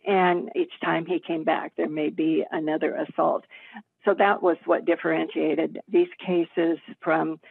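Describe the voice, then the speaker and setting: A retired detective, a woman in her seventies, recounting old cases in a steady, matter-of-fact way. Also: low voice, unhurried, vocal fry, slightly rough, no echo. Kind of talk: recounting case memories in an interview. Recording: tinny phone line.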